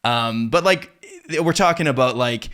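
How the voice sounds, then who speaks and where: Relaxed Canadian man hosting an interview. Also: medium pitch, moderate pace, clean tone. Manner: relaxed, conversational, asks follow-up questions. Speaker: interview host. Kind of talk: casual interview chat.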